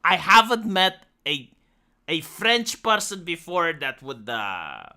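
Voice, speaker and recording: A Romanian-accented streamer, a native Romanian speaker, chatting loosely and crudely with an audience. The pitch swoops up and down freely. The tone is bright and sharp, full of "like" and repeated starts. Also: sing-song, takes it slowly. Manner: rambling, profane, jokey, with frequent fillers and restarts. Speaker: live streamer. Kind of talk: casual live-stream chat answering viewers.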